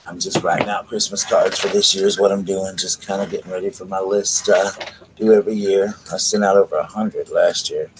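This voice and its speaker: A man, hosting a livestream and speaking quietly and slowly in a gentle ASMR murmur while reading aloud and chatting. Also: deep voice, steady tone, noisy background. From South Carolina. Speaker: livestream host. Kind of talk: soft-spoken ASMR reading and chat.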